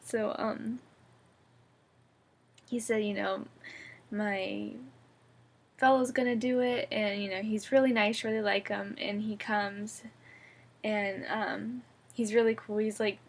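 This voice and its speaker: Groggy young woman with a gravelly, husky voice. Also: mid-range voice, flat delivery, slow pace, long pauses. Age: young adult. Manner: rambling, chatty, giggly, soft-spoken. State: groggy and drowsy. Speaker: vlogger. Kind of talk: casual video diary. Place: at home, sitting up in bed.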